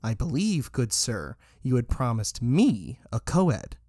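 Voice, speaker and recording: A man's voice: mid-range voice, very animated, takes it slowly, dark tone, dry recording, heavily acted. A laid-back young tomcat student, as a man reading a story plays him, talks in a casual, offhand and slangy way. His voice is plain and dry. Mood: joking. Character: young male cat student, easygoing and evasive.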